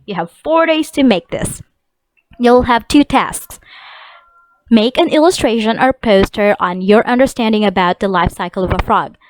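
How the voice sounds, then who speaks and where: A woman teaches an online class, saying each vocabulary word slowly and clearly so young students can repeat it. Her voice sits at a middle pitch. The recording is dry and close, with no room sound. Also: no echo, rough recording.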